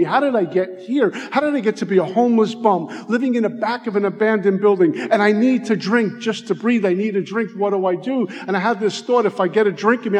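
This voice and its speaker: A middle-aged American man giving a heartfelt personal recovery testimony, slowing down to stress his words. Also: high voice. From United States. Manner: heartfelt, slows down for emphasis. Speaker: recovery speaker. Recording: long reverb of a hall.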